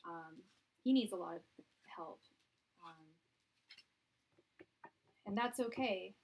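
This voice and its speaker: A woman hosting a tarot live stream from a room at her parents' house, chatting in a soft, soothing voice with many fillers and restarts. Her audio comes through quiet and low. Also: takes it slowly, rough recording. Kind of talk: casual live-stream chat. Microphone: quiet, low-level live-stream audio.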